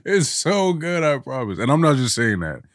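A man's voice: medium pitch, normal speed, dry recording, studio quality. A young man guest co-hosting a casual podcast, telling stories with lots of laughter and frank swearing. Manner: animated storyteller, laughs often, swears freely. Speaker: guest co-host.

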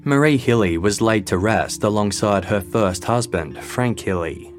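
A man giving a scripted true-crime narration in a measured, even storytelling delivery. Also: fairly low pitch, faint music behind.

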